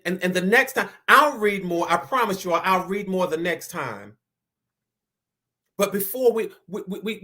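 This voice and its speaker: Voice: medium pitch, fairly bright tone. Stammering, emphatic inspirational preacher. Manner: stammers and repeats words, slows down for emphasis; preacher-like, rising to emphatic declarations. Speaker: inspirational speaker. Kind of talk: motivational sermon-style talk.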